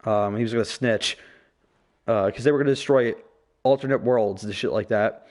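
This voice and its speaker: A man's voice: on the low side, moderate pace, darkish tone. A man hosting a casual podcast, ranting profanely and with strong opinions. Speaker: podcast host.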